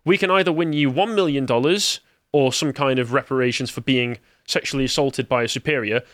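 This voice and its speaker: An English man co-hosts a podcast, chatting casually and sarcastically about political news and reading quotes aloud in mocking voices. His voice is medium-pitched and a bit bright, recorded clean in a studio with no echo.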